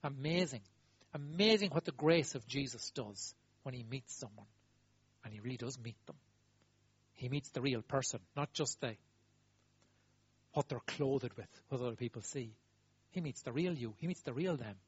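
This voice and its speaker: A man preaching a sermon, talking emphatically and swinging between loud exclaiming and quiet asides. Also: medium pitch, moderate pace, pauses often, husky. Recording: dull lo-fi dry recording.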